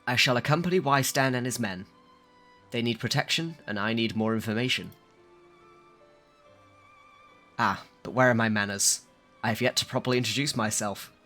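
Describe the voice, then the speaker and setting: A man's voice: medium pitch, brisk, bright, forceful tone, soft background music, lightly acted. A man reading aloud the lines of a suave young male scholar with formal, old-fashioned diction, as he plays a game on a live stream. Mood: courtly.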